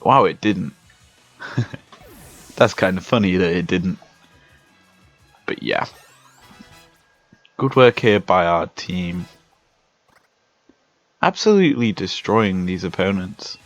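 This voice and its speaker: A young British man giving relaxed, chatty commentary while playing a video game. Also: sits low. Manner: slow, laid-back, chatty. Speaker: Let's Play host. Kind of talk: casual gameplay commentary. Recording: dull lo-fi sound with faint music.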